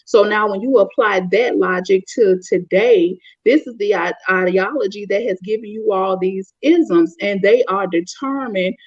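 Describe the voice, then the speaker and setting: A woman's voice: medium pitch, normal speed, few pauses, no room sound. A woman with a Southern US accent, giving blunt, opinionated commentary on a panel. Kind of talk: casual commentary. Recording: dull, dry lo-fi audio.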